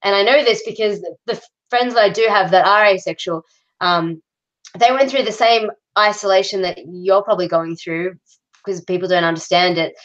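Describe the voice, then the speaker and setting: A woman's voice: medium pitch, moderate pace. Woman guest on a video call, laid-back, lots of ums, bit muffled sound. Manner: relaxed, hesitant with many ums. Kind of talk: casual video-call chat.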